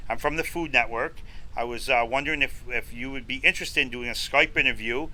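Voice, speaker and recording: A man's voice: medium pitch, brisk, bright, forceful tone, rough recording. A middle-aged man from upstate New York telling a long story on a podcast, acting out both sides of each conversation. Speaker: podcast guest, food show host. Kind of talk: casual storytelling interview.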